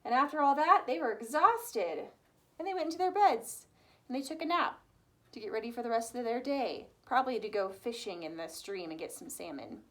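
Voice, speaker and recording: A woman telling a fairy tale to children, animated and asking her young listeners questions. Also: fairly high pitch, fairly quick. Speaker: children's storyteller. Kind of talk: reading a story aloud to children.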